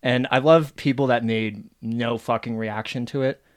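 A man's voice: medium pitch, fairly even intonation, moderate pace, clean tone. A young man co-hosting a podcast, talking bluntly and matter-of-factly with plenty of swearing in a casual chat. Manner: blunt, profane, matter-of-fact. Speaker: podcast co-host.

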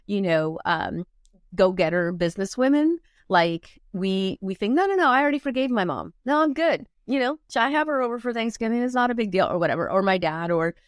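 A woman's voice: lowish voice, dry recording, clean studio sound. A woman performance coach, a guest on an interview podcast, talking animatedly and acting out quoted voices as she tells stories. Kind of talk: conversational interview.

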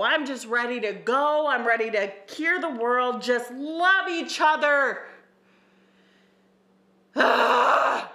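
A young woman hosting a podcast by herself, talking emotionally and swearing as she moves between quiet asides and fired-up preaching. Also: high-pitched, takes it slowly. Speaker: podcast host. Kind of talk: casual solo podcast rant.

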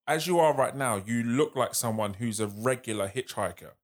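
A man's voice: medium pitch, moderate pace. A man co-hosting a podcast in a studio, chatting casually, swearing freely and acting out quotes in his stories. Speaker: podcast co-host. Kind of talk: casual banter.

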